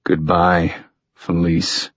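A man's voice: fairly even intonation, measured pace, husky, no echo. A man voicing a terse, tough wounded man. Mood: grim. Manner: terse, low-key lines. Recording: dull lo-fi audio.

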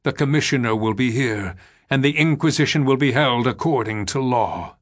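A man's voice: mid-range voice, animated, moderate pace, natural voice. A man reading the part of an agitated old general with a solemn, commanding delivery. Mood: grave. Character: agitated old male general, stern and grave.

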